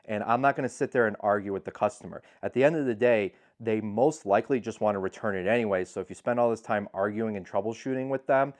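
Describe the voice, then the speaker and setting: A man with a somewhat low voice talks casually to the camera about how he handles returns as a reseller. He is frank and matter-of-fact, laying out his rules plainly. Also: quick pace, hardly any pauses. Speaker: eBay seller and channel host. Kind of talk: casual explainer talk to camera.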